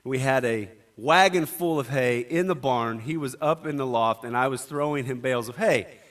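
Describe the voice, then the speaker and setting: A man preaching a sermon, talkative, moving between quiet asides and loud, emphatic declarations. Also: mid-range voice, moderate pace.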